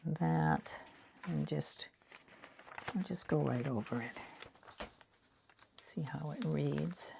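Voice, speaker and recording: Low gravelly woman in her sixties. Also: very slow, pauses often, darkish tone, slight background noise. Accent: Boston. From Boston area. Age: 60s. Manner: rambling, self-deprecating, talks while painting. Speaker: art vlogger. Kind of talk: casual craft chat while working.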